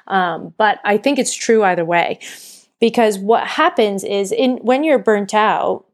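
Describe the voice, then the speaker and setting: A woman's voice: medium pitch, a little slow. A woman hosting a solo podcast, talking in an earnest, encouraging way and sometimes stopping to correct herself. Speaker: podcast host and burnout coach. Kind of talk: casual solo podcast talk.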